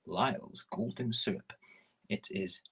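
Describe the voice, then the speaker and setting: A man's voice: fairly low pitch, unhurried, noisy background. A middle-aged man hosting a casual morning stream while cooking in his home kitchen, rambling and self-mocking. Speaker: morning show host.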